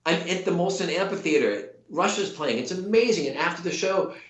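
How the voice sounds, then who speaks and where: A man's voice: sits high, expressive, brisk. A middle-aged man, an actor guest, telling a long story in casual chat with many restarts and quoted voices. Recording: roomy echo.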